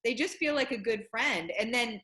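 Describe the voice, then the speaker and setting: Woman host, casual chat, bright tone, emphatic, chatty, higher voice. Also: moderate pace, echoey room, rough recording. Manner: animated, emphatic, chatty with fillers.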